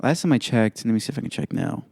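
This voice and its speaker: A man's voice: mid-range voice, sing-song, fast, creaky, darkish tone, breathy edge, no room sound. A man hosting his own podcast solo, talking in a blunt, profane, opinionated way. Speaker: podcast host. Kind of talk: casual solo podcast commentary.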